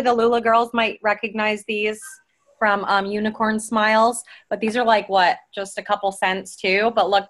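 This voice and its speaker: A woman's voice: medium pitch, a bit bright. Chatty woman on a team call. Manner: chatty, rambling with many fillers and restarts. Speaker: team member sharing tips.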